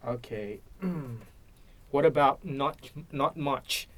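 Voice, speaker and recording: A man who is an English learner and a teacher practices casual English speaking, hesitating and searching for words; his first language is Indonesian. He speaks at a slow pace with a medium-pitched, slightly bright voice.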